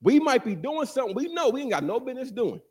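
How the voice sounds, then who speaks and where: Guy preaching, husky voice, pitch jumping all over, teasing the church and asking them questions. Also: fast talker. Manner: animated, call-and-response, jokes with congregation. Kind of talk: sermon.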